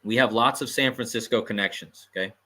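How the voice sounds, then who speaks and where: A man hosts a livestream in a bright, edgy voice. He talks emphatically, circles back to repeat his points and drops amused asides to his viewers. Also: fairly low pitch, fairly quick. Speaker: host. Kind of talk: livestream commentary.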